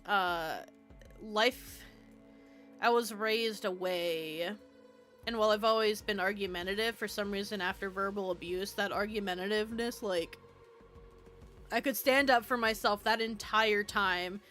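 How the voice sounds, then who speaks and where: Bright-voiced young woman streamer chatting. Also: medium pitch, steady tone, a little slow. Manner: rambling, self-deprecating, swears freely. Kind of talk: casual live-stream chat while building in a game. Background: faint game music.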